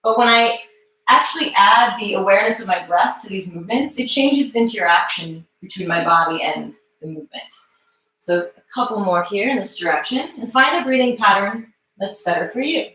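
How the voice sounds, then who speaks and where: Woman instructor calling out breath cues slow and calm, sounds far from the mic, lots of room echo. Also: medium pitch. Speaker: mobility instructor. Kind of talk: live online movement class.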